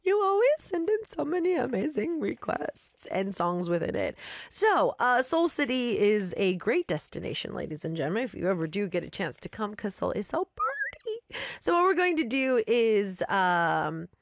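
A woman's voice: on the high side, sing-song, moderate pace, dry recording, studio quality. A woman radio host talking casually in an upbeat, chatty way and reading a listener's story aloud.

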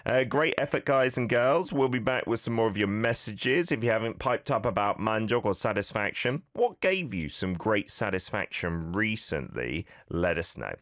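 Lively low-voiced male language-coach host. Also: moderate pace, few pauses, dry recording, clean studio sound. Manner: upbeat, encouraging, playfully nitpicky. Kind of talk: radio-style language coaching of listener messages.

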